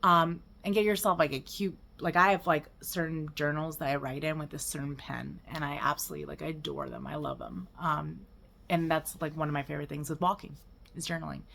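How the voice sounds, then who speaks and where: A young woman speaks in a relaxed, chatty vlog style with a slightly low voice. She is upbeat and enthusiastic, leaning on filler words and quick self-corrections as she shares self-care habits. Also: gravelly, a little hiss or hum. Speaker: lifestyle vlogger. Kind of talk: casual self-help vlog.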